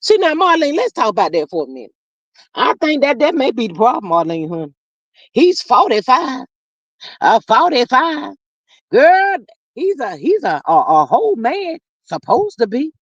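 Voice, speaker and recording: A lively streamer chatting casually and reading viewer comments aloud, with a sassy, teasing delivery. The pitch swings all over in an animated way. The sound is dull, lo-fi and very dry. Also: moderate pace, dry recording. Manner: animated, sassy, drawling endearments. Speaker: live stream host.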